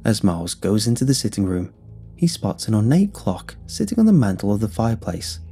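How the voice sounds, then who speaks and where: Male horror narrator, husky low voice, very expressive melody, measured delivery. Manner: measured, deliberate storytelling. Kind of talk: scripted horror story narration. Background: faint music.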